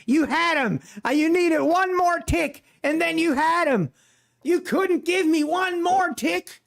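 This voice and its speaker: A man putting on an angry male trading-firm figure who shouts in a scolding, high-pitched voice. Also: slow, vocal fry, full character voice. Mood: fuming, scolding.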